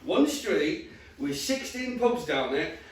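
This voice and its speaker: A young man performing a stand-up comedy set, telling stories in a lively way and often laughing along. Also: high-pitched, slow pace, background noise. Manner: lively storytelling with frequent laughter. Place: comedy venue with live audience. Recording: roomy stage audio from far off, crowd behind.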